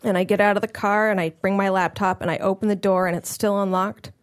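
A young woman doing stand-up, telling a story in an animated way and laughing as she goes. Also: mid-range voice, quick pace. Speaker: stand-up comedian.

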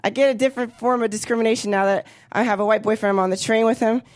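A woman in her thirties doing a stand-up set with a high voice. She delivers her bits bluntly and with plenty of profanity, and she lands her lines with punch. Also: steady tone, rapid-fire, darkish tone. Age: 30s. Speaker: stand-up comedian.

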